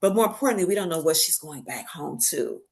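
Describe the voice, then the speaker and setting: A woman with a fairly low voice tells stories animatedly in a casual podcast chat. She acts out the voices of the people she quotes and laughs as she talks. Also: expressive, quick pace, darkish tone. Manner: laughs while telling stories. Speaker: podcast guest. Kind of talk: casual storytelling conversation.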